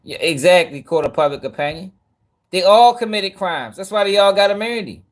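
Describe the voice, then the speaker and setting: High-pitched man, skeptical co-host. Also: animated, a little fast. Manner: skeptical, emphatic. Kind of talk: casual commentary.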